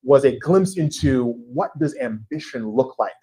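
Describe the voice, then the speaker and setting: Animated male author telling stories. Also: mid-range voice, unhurried, breathy edge, rough recording. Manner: animated, anecdotal, with a frequent tag question asking the audience to agree. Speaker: author discussing his book. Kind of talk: storytelling conversation before a live audience. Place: church event space.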